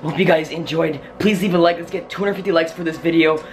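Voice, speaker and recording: A man's voice: a little high, steady tone, fast, a little hiss or hum. Panicky young man vlogging. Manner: panicky, exclaims often. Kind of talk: casual scared vlog. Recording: music playing underneath.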